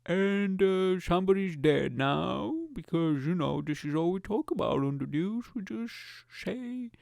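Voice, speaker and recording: A man doing a comic impression of a pompous, slow-talking male TV news anchor with drawn-out, overly formal announcing. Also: high-pitched, expressive, vocal fry, a little mellow, no echo, voice pushed up, heavily acted.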